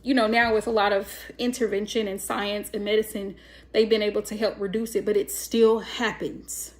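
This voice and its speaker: A woman's voice: medium pitch, steady tone, normal speed. A woman giving a casual spoken tarot reading, talking emphatically and acting out bits of dialogue. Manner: emphatic, acts out quoted dialogue. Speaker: tarot reader.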